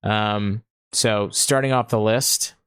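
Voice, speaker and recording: A man's voice: lowish voice, steady tone, slow, fairly bright tone, smooth, no echo, clean studio sound. A man hosting a podcast, asking questions and laying out game rules casually. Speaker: podcast host.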